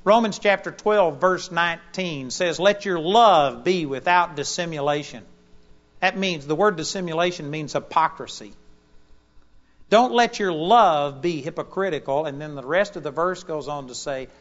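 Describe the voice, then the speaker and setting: A man's voice: a little high, moderate pace. Emphatic preacher man, dull lo-fi sound. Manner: emphatic, swings between loud declarations and quiet asides. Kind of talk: sermon. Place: auditorium.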